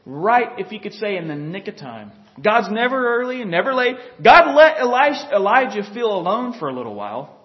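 A man's voice: high voice, dull audio. A man preaching a folksy, conversational sermon who often chuckles and talks straight to his listeners.

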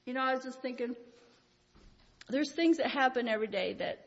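An older woman giving an informal Christian devotional talk, telling rambling, folksy personal stories with frequent chuckles. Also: fairly high pitch. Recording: reverberant hall, dull lo-fi sound.

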